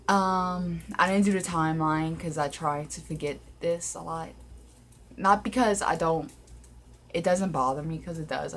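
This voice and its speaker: A young paranormal vlogger from Louisiana, USA rambles through a spooky tale with lots of fillers in a casual phone-camera video. Her voice is low-pitched, and there's slight background noise.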